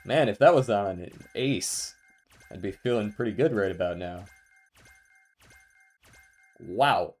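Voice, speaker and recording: A man's voice: lowish voice, expressive, slow pace, long pauses, a little mellow. Laid-back man chatting on a game stream. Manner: laid-back, laughs often, talks to chat. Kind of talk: casual live-stream chat while gaming.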